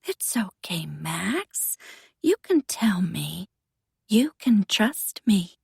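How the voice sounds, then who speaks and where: A woman's voice: mid-range voice, sing-song, very slow, creaky, darkish tone, breathy edge, no room sound, clean studio sound, exaggerated voice. Willow, a coy cruel teen girl, read by a woman. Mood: coy taunting.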